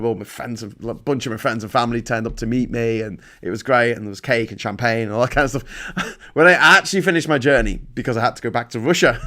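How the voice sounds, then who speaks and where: A man's voice: medium pitch, sharp tone. A man from Liverpool rambles through a casual livestream. He swears freely, mocks himself and drifts between personal stories and political commentary. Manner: rambling, sweary, self-mocking. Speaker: livestream host. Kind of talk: casual live-stream chat and political commentary.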